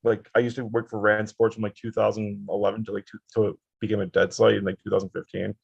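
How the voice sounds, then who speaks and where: Fast-talking husky man, lo-fi audio. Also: lowish voice, little pitch movement, dry recording. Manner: fast, rambling, lots of fillers and restarts. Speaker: podcast guest, former sports reporter. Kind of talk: casual sports chat.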